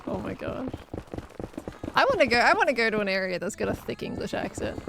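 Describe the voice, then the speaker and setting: A woman's voice: fairly high pitch, big pitch swings, a little fast, gravelly, noisy background. An Australian woman from Victoria chatting casually on a gaming live stream, laughing often and answering chat as she plays.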